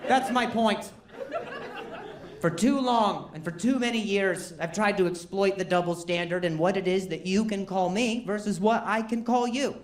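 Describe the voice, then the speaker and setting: A man's voice: sits high, normal speed. A man who stutters performing a self-deprecating stand-up comedy set on stage. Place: comedy stage before a live audience. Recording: roomy live venue with background noise.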